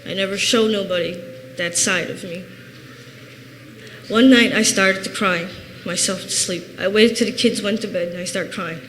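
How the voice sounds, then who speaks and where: A woman in her thirties from Chicago, USA, gives an earnest, plain-spoken personal testimony as a church member. Her medium-pitched voice is fairly bright, steady in tone, at a moderate pace. The recording has long reverb and faint hiss.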